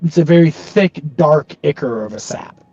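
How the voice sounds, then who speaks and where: A man's voice: a little high, lively intonation, normal speed, mellow, muffled recording, soft background music. A man playing in a tabletop game, explaining things in a rambling, hesitant way. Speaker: player. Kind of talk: casual tabletop play.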